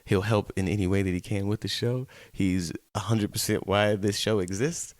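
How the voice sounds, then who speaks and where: A man's voice: fairly low pitch, fairly even intonation, normal speed, hardly any pauses, dry recording. A man hosting his own web show alone, talking straight to viewers in a playful, rambling way. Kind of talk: casual solo talk-show monologue.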